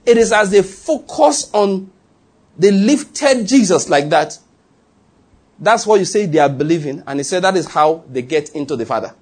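A man's voice: sits high, lively intonation, moderate pace, darkish tone, slightly rough. A man preaching a sermon, teaching with emphatic repetition and reading scripture aloud.

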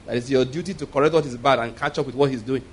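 A man's voice: medium pitch, steady tone, very fast, slight background noise, low-quality recording. Emphatic man preaching a sermon. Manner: emphatic, storytelling, chuckles often.

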